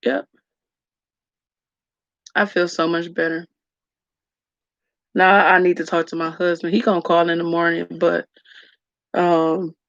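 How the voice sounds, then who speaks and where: A woman's voice: on the low side, vocal fry, dry recording. A woman vlogger candidly telling her story to live viewers, raw and emotional, calling them y'all. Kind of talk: candid story-time livestream chat. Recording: dull lo-fi dry sound.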